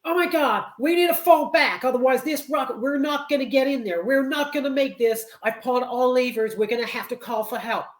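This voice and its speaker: A woman doing a high-pitched, mocking impression of a panicking female astronaut. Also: a little fast, few pauses, lightly acted. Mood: panicked. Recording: roomy echo.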